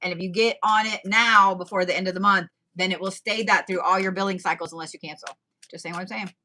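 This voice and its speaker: Brief: woman, tarot reader, loose and profane, bright tone. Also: mid-range voice, steady tone, fast talker. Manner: chatty, profane, laughing asides. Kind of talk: casual tarot reading.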